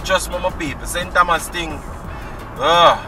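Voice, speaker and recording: A man's voice: high-pitched, measured pace, far from the mic, loud music behind the voice, low-quality recording. A Jamaican man chatting casually to viewers while driving on country roads, repeating friendly catchphrases. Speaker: driving vlogger. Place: inside a car on country roads.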